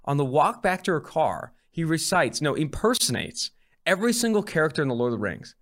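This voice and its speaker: A man in his twenties hosts a podcast, chatting casually and telling animated stories with jokey energy. His voice is a little high and he talks a little fast.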